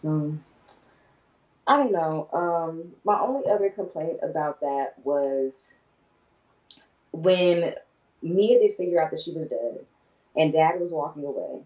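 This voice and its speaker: A woman's voice: low voice, expressive, takes it slowly, long pauses, warm tone, distant mic, rough recording. A woman co-hosting a casual movie review podcast, talking animatedly and swearing, quoting herself and others. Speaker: podcast co-host.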